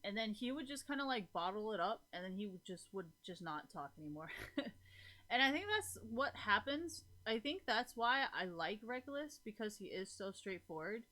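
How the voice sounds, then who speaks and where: A woman's voice: mid-range voice, sing-song, normal speed, sharp tone. A woman livestreaming and chatting casually with her viewers, rambling through her thoughts with plenty of fillers, frequent laughter and casual swearing. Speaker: live streamer chatting with viewers. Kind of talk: casual chat.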